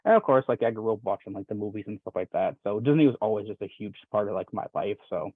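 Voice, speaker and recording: A man's voice: on the low side, fast, dry recording. A young man from Wisconsin chatting casually as a podcast guest, rambling with lots of fillers and restarts. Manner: rambling, many fillers and restarts, laughs often. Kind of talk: casual chat. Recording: dry, tinny phone-like line.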